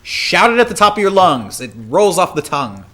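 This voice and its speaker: A man's voice: high-pitched, big pitch swings, a little fast, fairly bright tone. A man co-hosting a casual podcast, trading crude jokes and mock accents. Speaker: podcast co-host. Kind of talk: raw casual podcast banter.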